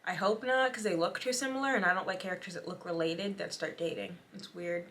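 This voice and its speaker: A young woman hosting a reaction video, chatting sardonically with quick asides. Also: on the low side, a bit bright, slight background noise. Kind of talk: casual commentary.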